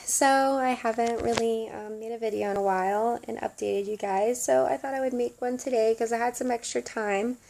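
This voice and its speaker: A woman's voice: fairly high pitch, steady tone, normal speed, creaky, few pauses, darkish tone, a little hiss or hum. A young woman with a Southern American accent, chatting casually to camera in a study-abroad vlog, with lots of ums and giggles. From Southern United States. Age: young adult. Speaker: study abroad student vlogger.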